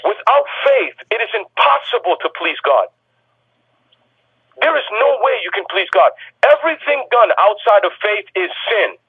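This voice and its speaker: A man with a high, husky voice delivers a fervent sermon over the telephone. He presses his point again and again, insistent and climbing toward shouts. The tinny phone line thins out his sound. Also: sing-song, moderate pace, no room sound. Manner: insistent and repetitive, rising to shouts. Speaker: preacher.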